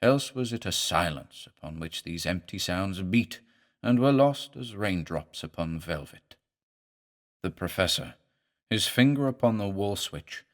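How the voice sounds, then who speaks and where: Low-voiced man narrating horror.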